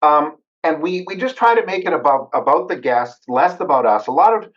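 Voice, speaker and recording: A man's voice: on the high side, animated, brisk, fairly bright tone, lo-fi sound. Chatty middle-aged male podcast host. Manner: chatty, jokey, rambling. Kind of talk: casual interview chat.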